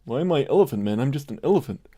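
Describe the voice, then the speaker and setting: A man voicing a male elephant puppet who objects to being called a man, in a quick, indignant voice. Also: medium pitch, animated, warm tone, breathy edge.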